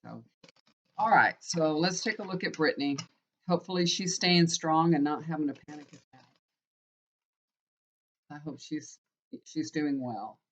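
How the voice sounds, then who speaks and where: A woman's voice: deep voice, fairly bright tone. A woman in her fifties, a tarot reader, telling a rambling personal story in a chatty, casual way. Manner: chatty, rambling, frequent "you know". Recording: dull lo-fi recording.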